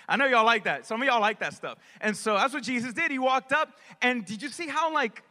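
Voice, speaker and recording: A man preaching a sermon as a pastor, talking in a lively, conversational way and acting out voices. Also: very high-pitched, fairly quick. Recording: echoey hall with long reverb.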